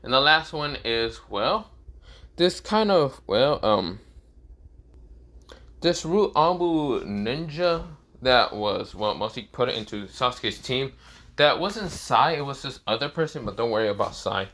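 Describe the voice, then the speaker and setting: A young man narrates a crude comic fan story off the cuff, full of fillers and restarts. His voice is bright. He lets it swing up and down a lot. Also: mid-range voice, lively intonation, measured pace. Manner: rambling, crude, many fillers. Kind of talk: improvised comedic story narration.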